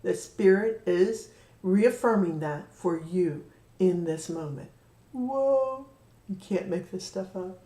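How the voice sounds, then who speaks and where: A woman giving a spiritual card reading, talking in an earnest, gently encouraging way. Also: lowish voice, steady tone, unhurried. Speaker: card reader. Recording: roomy echo, voice from a distance.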